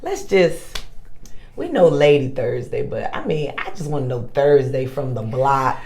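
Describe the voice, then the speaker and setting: A woman's voice: extremely low pitch, sing-song, measured pace, a crowd in the background. A woman with a Southern US accent hosting a podcast, playful and teasing as she talks to her audience. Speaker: podcast host. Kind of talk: casual chat.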